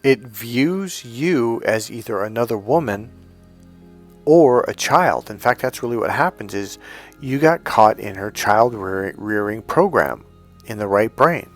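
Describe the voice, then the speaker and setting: A man's voice: medium pitch, expressive, a little slow, faint music behind. A middle-aged man coaching on dating, telling stories bluntly, swearing freely and acting out both sides of conversations. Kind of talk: storytelling to camera.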